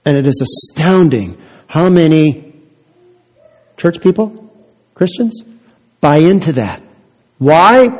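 Male pastor, sermon, rhetorical questions, hushed then emphatic, slightly high voice, long church-hall reverb. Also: expressive, takes it slowly, pauses often. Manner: dramatic swings from soft to loud, rhetorical questions.

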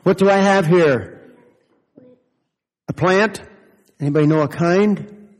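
A man's voice: high voice, takes it slowly, in a large hall. A man giving a children's sermon as a pastor, asking playful, teasing questions of the children.

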